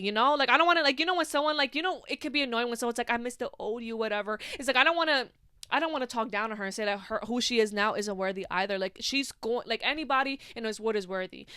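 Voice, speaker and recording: A woman's voice: on the high side, bright, forceful tone, smooth, no echo, clean studio sound. A young woman hosting a casual solo podcast, talking passionately and profanely, with lots of filler "like" and "you know.". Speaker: podcast host.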